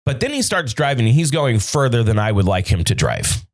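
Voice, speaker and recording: A man's voice: medium pitch, a little fast. A man hosting a podcast, telling a story in casual chat with lots of swearing and acted-out quotes, recorded in a studio. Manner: profane, animated storyteller acting out quoted dialogue. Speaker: podcast host.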